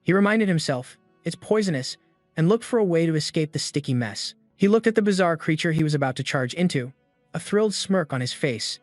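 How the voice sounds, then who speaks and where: A man's voice: fairly high pitch, lively intonation, fairly quick, no echo. A man steadily reading a scripted story recap. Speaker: narrator. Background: faint background music.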